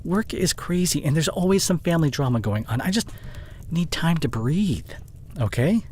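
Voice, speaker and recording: An overworked young boyfriend with a short fuse but a loving heart, as a man acts him out. His pitch swings widely as he talks close to the mic in an intimate audio roleplay drama. A faint hiss sits under his voice. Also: animated, normal speed, darkish tone, lightly acted, poor audio. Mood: frustrated, heated. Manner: emotionally charged, intimate second-person address. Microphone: close studio condenser mic.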